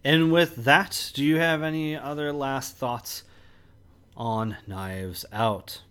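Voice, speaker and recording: A man's voice: medium pitch, slow pace, a bit bright, smooth. A man co-hosting a movie podcast, explaining at length with frequent restarts. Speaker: podcast co-host. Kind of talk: casual movie review chat.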